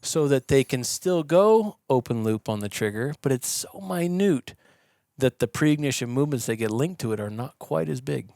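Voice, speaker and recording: A man guesting on a podcast, explaining in a casual, animated way and acting out the yelling of the people he quotes. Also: mid-range voice, moderate pace, vocal fry, no room sound, studio quality. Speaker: podcast guest, shooting instructor. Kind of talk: conversational explaining. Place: podcast studio.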